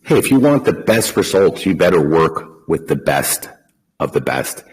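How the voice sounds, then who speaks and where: A man hosting a casual podcast, talking in a folksy, animated way full of long analogies. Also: extremely low pitch, normal speed, low-quality recording. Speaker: podcast host.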